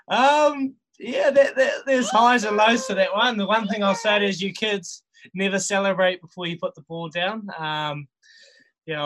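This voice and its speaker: A man's voice: on the high side, a bit bright, poor audio. A man in his thirties with a New Zealand accent, a rugby player guest telling stories in a laid-back, chuckling way. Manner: laid-back, chuckles often, many restarts. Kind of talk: casual storytelling chat.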